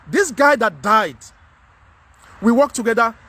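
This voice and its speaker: A man's voice: extremely high pitch, animated, measured pace, a bit bright. A man with a Nigerian English accent, giving a frank, earnest monologue to camera as a vlogger, often repeating himself to press a point.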